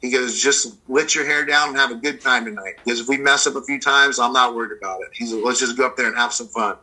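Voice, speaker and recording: A man, a blues guitarist from the United States, telling long rambling stories with many fillers in a relaxed video-call interview. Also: medium pitch, quick pace, rough recording. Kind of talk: casual interview storytelling.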